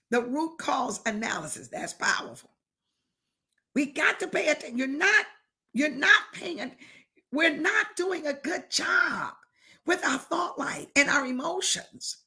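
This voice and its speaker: A woman's voice: sits high, expressive, slow, bright, forceful tone. A woman bishop preaching a fervent sermon, firing rhetorical questions and calling out to listeners, sometimes dropping to a whisper.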